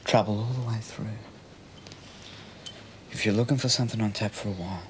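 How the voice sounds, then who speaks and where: An actor playing a leering, menacing Australian criminal who talks crudely and often drops into a rasping whisper. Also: male voice, on the low side, brisk, slight background noise, lightly acted. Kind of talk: TV police drama acting.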